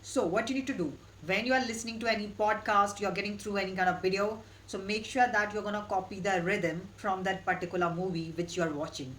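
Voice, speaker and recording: A woman giving an online English lesson in a steady, instructive way, repeating her key points. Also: mid-range voice, quick pace, hardly any pauses, a little hiss or hum, rough recording. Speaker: English teacher.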